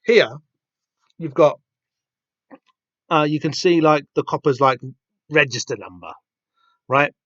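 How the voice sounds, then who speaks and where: A man's voice: fairly high pitch, slow pace, long pauses, a bit bright, dry recording. A man talking casually as a podcast host, rambling with lots of fillers and restarts. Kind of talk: casual comic-book reading chat. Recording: dull dry lo-fi home mic.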